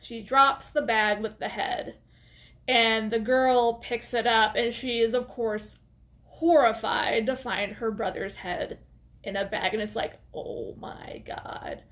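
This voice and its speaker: A young woman talks through a film plot in a loose, chatty manner, dropping sarcastic asides as she goes. Her voice sits high and bright for a woman. She speaks to a desk camera in a room at home. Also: steady tone, takes it slowly. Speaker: movie reviewer. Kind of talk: casual video review.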